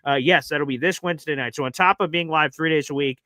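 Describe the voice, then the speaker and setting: Bright, upbeat sports-show co-host man. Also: fairly high pitch, fast, no echo. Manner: upbeat, promotional, lots of fillers. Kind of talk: casual live-stream chat.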